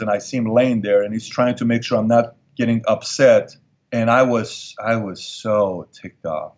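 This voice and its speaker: Man, middle-aged, interview guest, emphatic storyteller, repeats for effect, muffled lo-fi sound. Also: mid-range voice.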